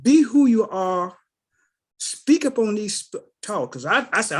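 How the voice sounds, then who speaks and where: A middle-aged call participant speaks in a high, slightly rough voice at a measured pace. On a group call, he recounts personal stories as casual spoken testimony, animatedly acting out the voices of the people in them.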